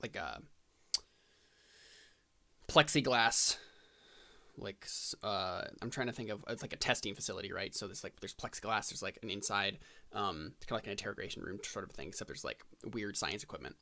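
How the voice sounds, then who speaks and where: Halting man narrating a tabletop game. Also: on the low side, bright, forceful tone. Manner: halting, full of fillers and restarts. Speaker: game master.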